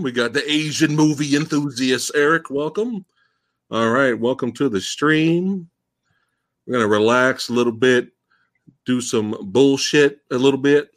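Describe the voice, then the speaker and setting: Laid-back man hosting slowly. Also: medium pitch. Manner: laid-back, greets viewers by name. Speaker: host. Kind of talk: casual live-stream chat.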